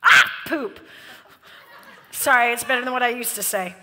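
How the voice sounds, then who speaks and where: A woman's voice: fairly high pitch, normal speed, pushed and bright, a little hiss or hum. A woman hosting a live spiritual teaching event, talking emphatically and playfully to the crowd. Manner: emphatic, playful, often laughing between points. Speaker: host and speaker leading a live audience. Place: large event hall with a live audience. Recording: reverberant hall sound.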